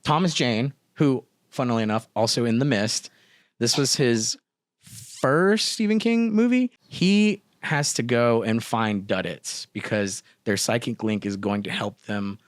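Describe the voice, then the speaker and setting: An animated young man talks horror films on a podcast. He rambles fast and emotionally, with lots of swearing. His voice sits at a middle pitch, and the dry close mic leaves no room sound. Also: no room sound. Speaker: podcast co-host. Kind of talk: casual chat.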